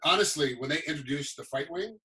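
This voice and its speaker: A man's voice: on the high side, brisk, noisy background. A middle-aged man, a former fighter, chatting as a guest and acting out other people's voices as he tells stories. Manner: animated storyteller, acts out quoted voices. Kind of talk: casual chat.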